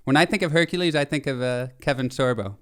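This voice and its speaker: A man in his thirties co-hosts a casual podcast chat with a smooth, resonant voice at a middle pitch. He talks in animated bursts, laughs often and circles back to restart his thoughts. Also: fast. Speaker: podcast co-host.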